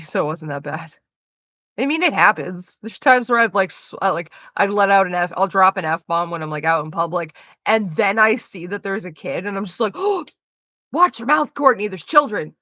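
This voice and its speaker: A woman's voice: lowish voice, a bit bright, dry recording, highs cut off. A woman livestreaming, answering her chat in a frank, chatty way and swearing freely. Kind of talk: casual chat.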